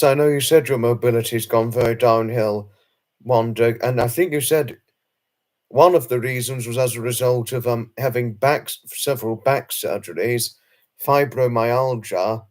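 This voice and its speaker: Chatty rambling British man hosting. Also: medium pitch. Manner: chatty and rambling, with frequent fillers and self-conscious laughs. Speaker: livestream host. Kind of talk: casual live chat reading viewer comments.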